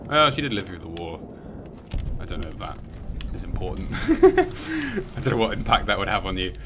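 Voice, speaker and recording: A man's voice: lowish voice, wildly swooping pitch, moderate pace, background noise. A British man streaming a video game, swearing, joking and mimicking people as he plays. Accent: British English. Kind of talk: casual gameplay chat. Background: game music.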